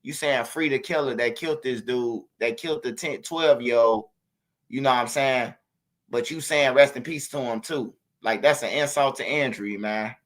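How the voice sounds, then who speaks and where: A man's voice: mid-range voice, moderate pace. A man telling a street story to his viewers in a casual, slangy, profane way, talking straight at them. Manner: animated, slangy, profane, addresses viewers directly, imitates gunshots. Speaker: street news commentator.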